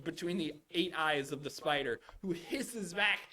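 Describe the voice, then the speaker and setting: A young man running a live tabletop game as dungeon master, narrating with animated storytelling. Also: fairly high pitch, unhurried. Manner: animated storytelling with sudden loud character outbursts.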